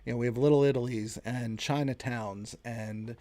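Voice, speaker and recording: Man, late thirties, from the US, podcast host, earnest, opinionated, mid-pitched voice. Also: fairly even intonation, normal speed, mellow. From United States. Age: late 30s. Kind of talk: solo podcast commentary.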